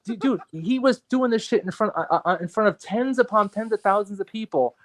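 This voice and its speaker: A man talking in a casual podcast conversation, animated and profane, repeating himself as he rants. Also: high voice, fairly quick. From New York area. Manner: animated, profane, ranting with repetitions. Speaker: guest artist and photographer.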